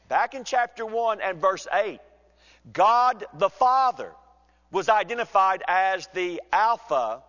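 A man preaching an expository sermon, measured and emphatic, slowing down to read scripture. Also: sits high, fairly bright tone. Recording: dull sound with long hall reverb.

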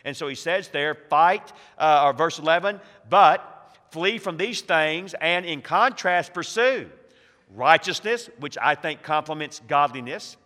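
A pastor preaching a sermon in a fairly high, forceful voice. He slows down to lean on key phrases, letting his volume swell and drop. The sound rings with a long hall reverb. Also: expressive. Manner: emphatic preaching with slow, stressed phrases and swings in volume.

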